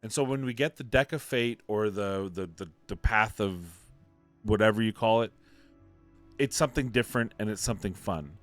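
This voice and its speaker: A man's voice: fairly low pitch, moderate pace, soft background music. A man giving opinionated commentary on a mobile game, emphatic and ranting, repeating points for emphasis. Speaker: mobile game content creator.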